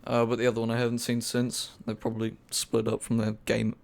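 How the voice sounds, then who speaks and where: A man's voice: mid-range voice, monotone, a little fast, creaky. A young man with an English accent, co-hosting a casual podcast and telling a story with many fillers and swearing. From England. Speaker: podcast co-host.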